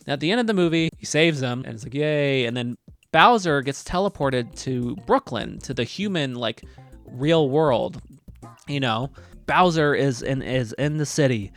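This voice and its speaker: A man's voice: mid-range voice, lively intonation, moderate pace, a bit bright, soft background music. A young man giving a casual, chatty movie review, swearing freely and mocking what he describes.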